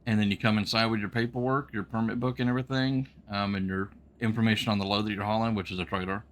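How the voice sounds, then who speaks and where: A man's voice: lowish voice, steady tone, fast talker. A man who used to drive trucks, streaming a trucking game and telling a long story in a folksy, rambling way full of ums and restarts. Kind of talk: casual storytelling while gaming.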